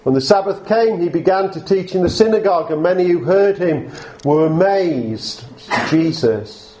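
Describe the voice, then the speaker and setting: A man preaching a sermon to a congregation, talking in an unhurried way with frequent fillers and restarts. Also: high-pitched, animated, dark tone, a little hiss or hum.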